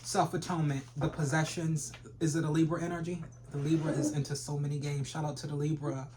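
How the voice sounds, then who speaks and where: A tarot reader talks over an audible layer of background noise and clicks. The delivery is loose and profane, full of trash talk aimed straight at viewers. The voice sits at a middle pitch. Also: level tone, a little fast. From Philadelphia. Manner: brash and profane, trash-talking with sudden laughs. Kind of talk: casual tarot reading for viewers.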